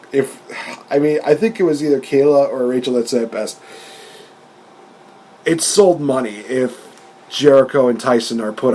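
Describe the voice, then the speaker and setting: A podcast co-host chats casually, animatedly retelling events and laughing often. His voice is medium-pitched with a darkish tone, and there's slight background noise.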